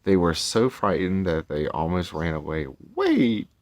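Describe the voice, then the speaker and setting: Deep-voiced man reading a storybook aloud. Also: fairly even intonation, normal speed, no room sound. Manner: rambling, chatty asides, self-correcting. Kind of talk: casual storybook read-aloud with tangents.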